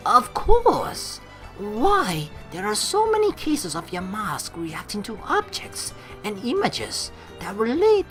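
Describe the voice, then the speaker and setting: A woman doing a high, lilting mock-French teacher. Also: exaggerated voice. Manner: flowery, lilting, melodramatic. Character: theatrical French female ghost teacher, dreamy.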